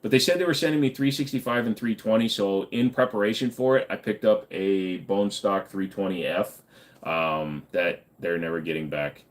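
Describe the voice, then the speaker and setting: Low-voiced joking livestream host. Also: male voice, moderate pace. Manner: loose, joking, swears casually, reads chat aloud. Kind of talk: casual live chat answering viewers.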